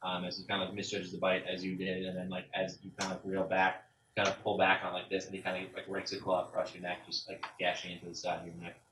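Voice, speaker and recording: Man, game master, low voice, rambling casual narration, echoey room, distant mic, faint background hum. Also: monotone, quick pace. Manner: casual, filler-heavy narration with many "like"s.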